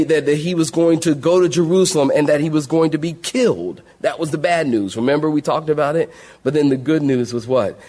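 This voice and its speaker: A man, a pastor, teaching a Bible study in an animated, conversational style with humor. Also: a little high.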